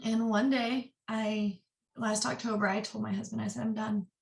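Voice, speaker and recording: A woman in her twenties, an interview guest, sharing a personal story candidly and earnestly, in quick bursts. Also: on the high side, fairly even intonation, vocal fry. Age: 20s. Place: office. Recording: roomy echo, distant mic.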